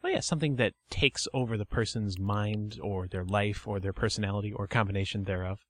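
A man's voice: on the low side, a little fast. A man co-hosting a casual podcast chat who mostly adds short remarks and laughs often.

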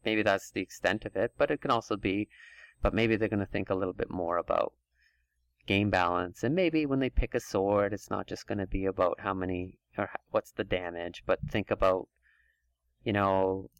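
A man's voice: low voice, normal speed, gravelly, dry recording. A man hosting a casual podcast chat, talking things through at length in long run-on stretches. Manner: chatty, thinks aloud in long run-on stretches. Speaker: podcast host.

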